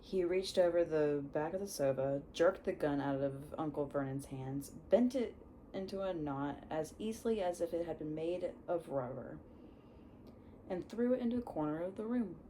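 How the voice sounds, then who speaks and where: A young woman reading a book aloud, unhurried, often stumbling over words and correcting herself. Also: low-pitched, animated, warm tone, slight background noise, low-quality recording. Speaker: reader. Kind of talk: storybook read-aloud.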